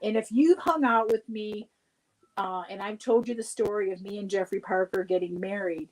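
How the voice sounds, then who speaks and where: Woman guest, casual livestream storyteller, laughs often, animated. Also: mid-range voice, moderate pace, rough recording.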